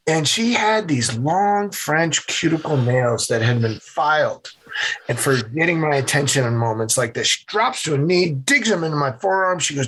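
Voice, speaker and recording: Animated storytelling man from Massachusetts. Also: fairly high pitch, moderate pace, slightly rough. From central Massachusetts. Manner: animated storyteller, acts out voices. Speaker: podcast guest. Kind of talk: storytelling interview answers.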